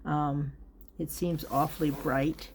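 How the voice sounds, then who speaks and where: A woman's voice: sits low, little pitch movement, slow, slight background noise. A woman vlogging from home, giving a chatty, rambling product review, often breaking off mid-sentence and chuckling.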